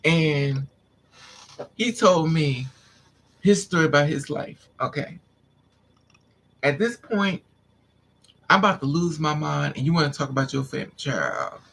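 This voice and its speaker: A man's voice: fairly high pitch, sing-song, measured pace, vocal fry, pauses often, a bit bright. A man vlogger intensely telling a painful personal story to his viewers, repeating himself as he vents. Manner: intense, repetitive, venting.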